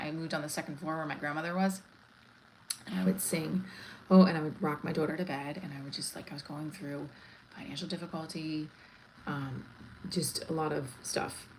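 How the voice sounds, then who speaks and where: A woman's voice: sits low, steady tone, fairly quick, slight background noise, poor audio. A woman comedian chatting casually on a live stream, rambling from one thought to the next. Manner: chatty, rambling, breaks into song.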